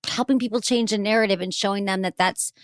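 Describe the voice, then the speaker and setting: A woman hosting a podcast in a casual chat, teasing her guest with quick interjections. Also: mid-range voice, steady tone, no echo, clean studio sound. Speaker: podcast host.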